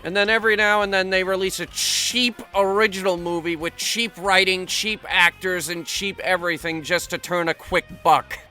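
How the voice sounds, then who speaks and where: A man's voice: sits high, steady tone, moderate pace, few pauses, pushed and bright, faint music behind. A man hosting a comedic movie review, ranting sarcastically and swearing freely.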